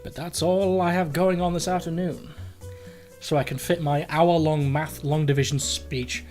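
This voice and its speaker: A man's voice: fairly high pitch, moderate pace, soft background music, lightly acted. Kale, a man reading as a kind cat candidate. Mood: earnest. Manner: reads cat meows flatly into his lines. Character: friendly male cat running for president, kind and earnest. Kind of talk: reading a text game aloud.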